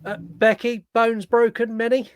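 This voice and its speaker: A man hosting a podcast, chatting casually about films, with quick restarts and the odd swear. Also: very high voice, little pitch movement, clear, resonant tone, no room sound. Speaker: podcast host. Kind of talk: casual film-review chat.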